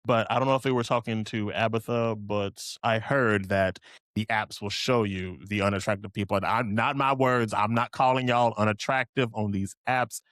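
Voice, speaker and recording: A man's voice: fairly low pitch, fairly even intonation, moderate pace, a bit bright, dry recording, studio quality. A young man co-hosting a podcast, chatting casually with joking, rambling asides. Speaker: podcast co-host. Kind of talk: casual chat.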